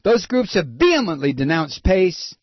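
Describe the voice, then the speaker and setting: A man hosting a political talk radio show, animated and sarcastic, with a husky voice. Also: high-pitched, moderate pace, dry recording. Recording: dull lo-fi broadcast sound.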